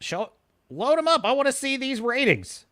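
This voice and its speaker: Animated ranting male streamer. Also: very high voice, moderate pace, no echo, clean studio sound. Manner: animated, scornful, laughs often. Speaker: streamer reacting to reviews. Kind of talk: live-stream rant.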